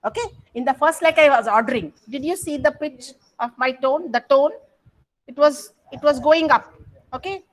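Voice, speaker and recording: A woman leads an online English grammar coaching class over a video call, encouraging students to respond. She has a high voice, an Indian English accent and a moderate pace, and her speech is full of fillers and self-corrections. The recording is rough.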